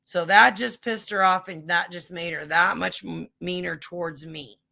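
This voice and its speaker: A woman's voice: fairly low pitch, steady tone, normal speed, vocal fry, pushed and bright. A woman hosting a casual livestream chat, telling rambling stories full of swearing. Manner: profane, rambling storytelling. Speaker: livestream host.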